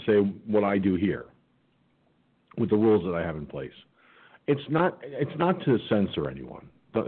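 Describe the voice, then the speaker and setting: Brief: male radio host, husky, animated pitch, folksy and halting, phone-like sound. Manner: folksy, halting, many restarts. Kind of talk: online talk radio hosting. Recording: phone-like lo-fi audio.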